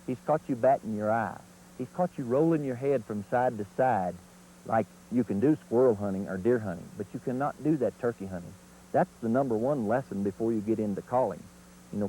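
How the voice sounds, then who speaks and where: A man's voice: medium pitch, mellow, a little hiss or hum, rough recording. A man teaching turkey calling in an instructional video, in a folksy, plain-spoken way.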